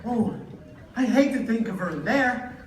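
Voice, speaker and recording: A performer playing a gentle, worried tin man on a school stage, soft-hearted and anxious. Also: mid-range voice, lively intonation, a little slow, very noisy, close to an everyday voice. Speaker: stage actor in a school musical. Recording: distant phone recording in an echoey auditorium with music.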